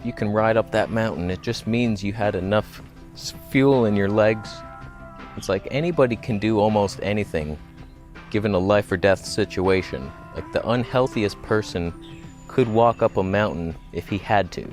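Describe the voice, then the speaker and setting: Soft music plays behind a man whose voice is on the low side and a little mellow, at a moderate pace. He's a vlogger walking outdoors by a road, joking casually about health to camera and poking fun at himself.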